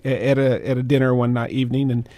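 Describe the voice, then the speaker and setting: A man co-hosting a radio talk show, speaking haltingly with many fillers. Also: mid-range voice, level tone, warm tone, no echo.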